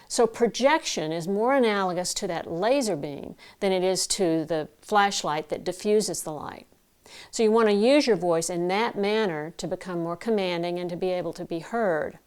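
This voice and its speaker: A middle-aged woman voice coach giving a measured, clear lesson to camera, explaining ideas with vivid analogies. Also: fairly low pitch. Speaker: broadcast voice coach. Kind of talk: instructional talk to camera.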